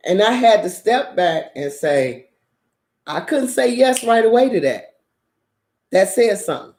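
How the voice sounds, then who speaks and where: A woman's voice: mid-range voice, measured pace. Woman host ranting casual, cusses a lot, laughs all the time, kinda echoey room. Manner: profane, animated storytelling with frequent laughter. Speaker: channel host. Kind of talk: casual monologue.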